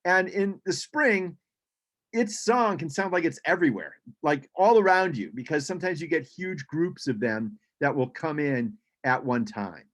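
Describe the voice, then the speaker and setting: A man's voice: fairly high pitch, expressive, moderate pace, fairly bright tone. Chatty man giving a birding talk. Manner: chatty, frequent ums and restarts. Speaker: birding presenter. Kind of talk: casual slideshow talk over video call. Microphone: video call.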